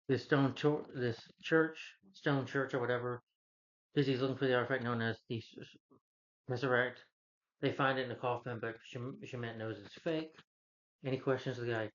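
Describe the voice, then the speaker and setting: A man's voice: medium pitch, steady tone, moderate pace, pauses often, dull audio. A man giving a casual, rambling plot recap as a movie reviewer, earnest when praising the hero. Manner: rambling, loose retelling with restarts; earnest, heartfelt asides.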